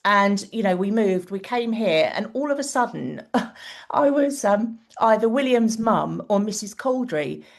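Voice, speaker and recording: A middle-aged woman chats as a guest. She hesitates and uses many fillers. Her voice has a gravelly fry and a middle pitch. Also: animated, measured pace. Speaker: podcast guest. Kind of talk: casual chat.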